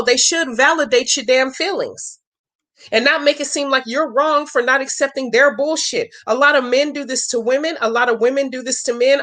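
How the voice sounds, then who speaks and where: A blunt woman hosts a casual vlog, swearing freely and riffing through long example stories. Her voice sits a little high, and her delivery is chatty and unfiltered. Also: a bit bright. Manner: blunt, profane, chatty storytelling. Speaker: channel host answering viewer questions.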